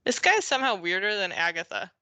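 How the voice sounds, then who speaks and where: A woman co-hosting a live watch-along stream, chatting casually and tossing out quick joking reactions. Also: medium pitch, sing-song, bright, forceful tone, no echo.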